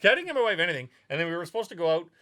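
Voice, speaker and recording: A man co-hosting a podcast in loose, casual chat, rambling through profane jokes and stories. His voice is bright and lively, swinging widely in pitch. It sounds close and dry, with no room echo. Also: very fast. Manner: rambling, profane joke-telling. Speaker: podcast co-host.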